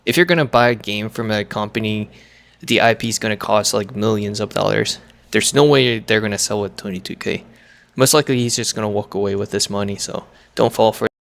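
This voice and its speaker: A man's voice: lowish voice, fairly quick, creaky, fairly bright tone. A man chatting on a stream in earnest, plain-spoken commentary, warning viewers.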